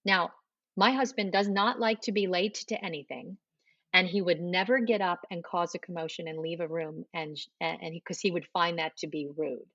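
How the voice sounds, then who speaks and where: Telling her testimony in an interview, a middle-aged woman acts out the conversations she recalls. She speaks at a moderate pace in a low but fairly bright voice, captured in a dry, lo-fi recording.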